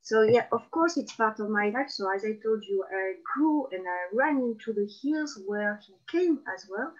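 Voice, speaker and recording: A middle-aged woman from Provence whose Southern French accent comes through in every phrase. She answers interview questions in an unhurried, reflective way, pausing often as she recalls things. The recording sounds slightly muffled. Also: on the high side, animated. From Provence, France. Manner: reflective, unhurried storytelling with frequent pauses. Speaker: guest. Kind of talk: casual video interview.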